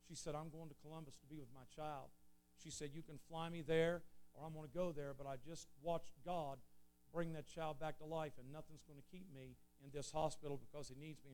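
Earnest man preaching, fairly high voice. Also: steady tone, moderate pace. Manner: earnest storytelling, swells loud then drops low. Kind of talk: sermon testimony.

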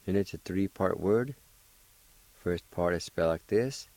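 A man hosting a radio language lesson, spelling out words and repeating each syllable deliberately. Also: low voice, vocal fry, a little mellow, no room sound. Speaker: language teacher and radio host.

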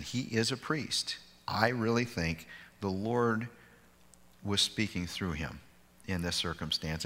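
A man's voice: fairly low pitch, bright, forceful tone, long reverb tail. A man pastor teaching a conversational bible study with informal, digressive talk and self-deprecating humor.

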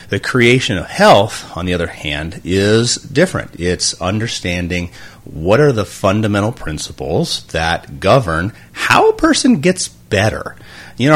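Deep-voiced doctor co-hosting a talk show. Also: male voice, fairly bright tone. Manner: rambling, explanatory, with fillers and restarts. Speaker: doctor and co-host. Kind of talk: casual radio talk.

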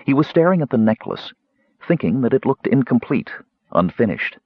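A man narrating a fantasy audiobook in a measured, expressive storytelling manner. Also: mid-range voice, breathy edge, no echo, lo-fi sound.

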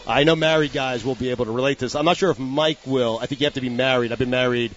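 A man's voice: medium pitch, racing. A middle-aged man hosts a casual sports radio segment, telling a story with eager restarts and repeated phrases. The recording sounds a little dull and lo-fi. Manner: animated storyteller with frequent restarts. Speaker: radio show host.

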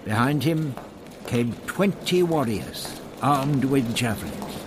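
A man narrating a novel aloud as an audiobook, in a measured, even storytelling manner. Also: mid-range voice, noisy background. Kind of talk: scripted narration.

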